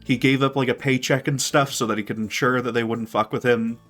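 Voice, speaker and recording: A man's voice: mid-range voice, steady tone, a little fast, a bit bright. A man co-hosting a podcast in casual chat, rambling and hedging his points, with faint music behind. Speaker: podcast co-host.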